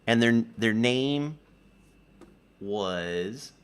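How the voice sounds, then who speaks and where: Male streamer, casual rambling chat, acts out quoted voices, unhurried. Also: mid-range voice, expressive, smooth.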